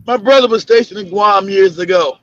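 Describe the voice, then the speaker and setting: Brisk and high-pitched, a podcast host tells loose, conversational stories on a casual talk show, with many fillers, restarts and laughs. The muffled lo-fi recording has no echo.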